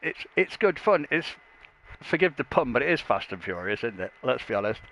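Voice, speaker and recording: A man's voice: mid-range voice, big pitch swings, fairly quick, a bit bright, a little hiss or hum, rough recording. A man doing casual, jokey race commentary with crude banter and frequent laughter.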